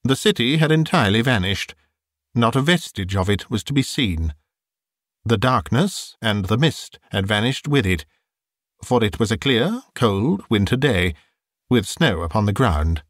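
A male narrator reads a classic novel at a slow, unhurried pace. His pitch rises and falls with lively expression as he shapes each sentence. The recording is dry and close, with no room sound. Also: no echo. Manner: expressive, measured storytelling. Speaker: audiobook narrator.

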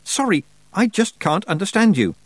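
A man reading an audiobook voices a young girl witch who pleads and shouts urgently. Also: high voice, very animated, moderate pace, no echo, voice pushed up.

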